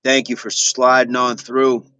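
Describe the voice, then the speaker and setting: A man's voice: medium pitch, flat delivery, a little slow, sharp tone, smooth, no echo. A middle-aged man hosting a fitness livestream, chatting casually with viewers and repeating affirmations as he reads their comments.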